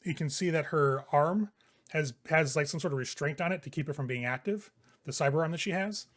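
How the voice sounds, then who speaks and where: A man's voice: fairly high pitch, a little fast, a bit bright. A man running a tabletop role-playing game, narrating scenes in a casual, crude way. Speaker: game master.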